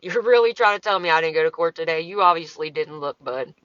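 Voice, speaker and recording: A woman's voice: low voice, animated, fast talker, a bit bright, dry recording, dull audio. A woman talking casually on her livestream, answering comments in a profane, exasperated, rambling way.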